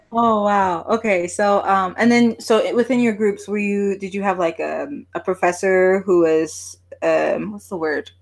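A woman's voice: medium pitch, takes it slowly. A woman interviewing someone in a casual chat, asking questions with a hesitant manner and plenty of fillers. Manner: hesitant, many fillers and restarts, soft laughs.

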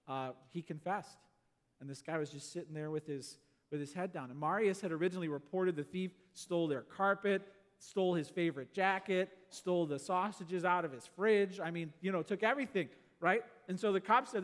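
A man preaching a sermon, telling stories and swinging between loud exclamations and quiet asides. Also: a little high. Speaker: pastor. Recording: long hall reverb.

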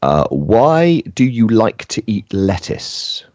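A man with a lowish voice co-hosts a kids' show, calm and measured. He talks slowly with a lot of movement in his pitch. The sound is dry and dull. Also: dry recording. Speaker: children's show co-host. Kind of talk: educational chat for children.

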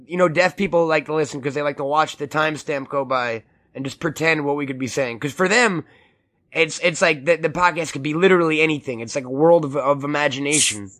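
Man, podcast co-host, crude jokes, rambling, slightly higher voice. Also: fairly quick, a bit bright. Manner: joking, crude, rambling with restarts. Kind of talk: casual podcast chat.

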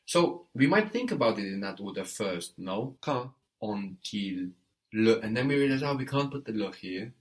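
A man's voice: fairly low pitch, big pitch swings, moderate pace. A man giving a one-on-one French lesson, patiently prompting and correcting step by step. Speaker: French teacher.

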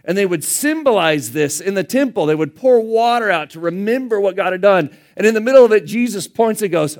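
A man's voice: sits high, lively intonation, fairly quick, hardly any pauses, darkish tone. A man preaching a sermon in a conversational way, acting out the scripture dialogue in casual everyday voices. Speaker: pastor.

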